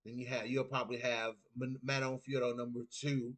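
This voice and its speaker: A man's voice: medium pitch, level tone, a little fast, fairly bright tone. A man hosting a casual fight recap livestream, talking loosely with a groggy morning voice and lots of "you know what I'm saying" filler. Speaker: livestream host.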